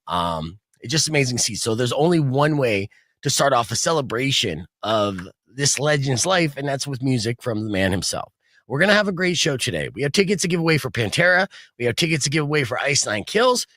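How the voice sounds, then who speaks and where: A man's voice: medium pitch, fairly bright tone, dry recording, studio quality. A man hosting a rock radio show and podcast, talking in a rambling, jokey way with lots of fillers. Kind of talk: casual rock radio chat.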